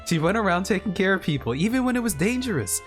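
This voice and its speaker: A man's voice: high-pitched, big pitch swings, fast talker, faint music behind, pitched above the performer's own voice. A man voicing an earnest little girl who dreams of healing, reading game dialogue aloud in a sincere, eager way.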